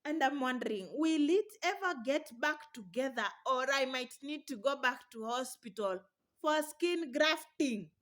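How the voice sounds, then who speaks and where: A woman's voice: high voice, lively intonation, measured pace, a bit bright. A young woman talking casually to camera in her vlog, chatty and encouraging, laughing often. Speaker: vlogger.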